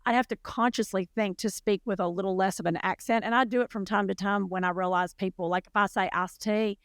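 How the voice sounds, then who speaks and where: Southern woman co-host, chatty and animated, dry close voice. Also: mid-range voice, fast, dry recording. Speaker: podcast co-host. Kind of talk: casual chat.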